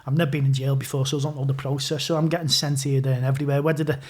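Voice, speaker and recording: This Scouser from Liverpool talks very fast at a medium pitch, his voice barely rising or falling. As a podcast guest, he spins loose, rambling stories, swearing a lot and starting over often.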